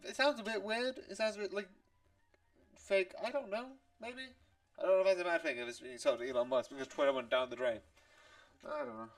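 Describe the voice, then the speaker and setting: A man vlogging in a casual, rambling way, quick to giggle at himself. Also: high-pitched, recorded from a distance.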